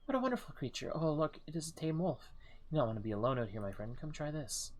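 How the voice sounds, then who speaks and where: A man voicing a gentle, kind woman ranger who talks softly and affectionately to an animal. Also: fairly high pitch, big pitch swings, fast talker, pitched above the performer's own voice. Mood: doting. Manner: soft, coaxing, affectionate.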